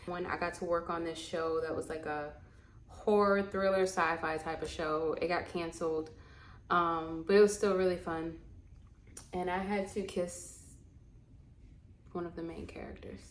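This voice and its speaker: A young woman tells stories in a lively, chatty way, laughing and mimicking people as she goes. Her voice bounces around an echoey room, with a faint hum of ambience underneath. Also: fairly low pitch. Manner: animated, laughing, acts out quotes. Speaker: vlogger and actor. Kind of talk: casual storytelling to camera.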